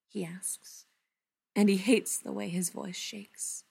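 Slow, soft-spoken woman reading a story. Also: fairly low pitch, fairly even intonation, gravelly, slightly rough. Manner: soft, unhurried, often hushed. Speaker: reader. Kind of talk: storybook narration read aloud.

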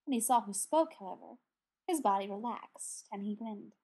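A woman narrating a fantasy story in an even storytelling manner. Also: mid-range voice, normal speed, slightly rough. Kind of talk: audiobook narration.

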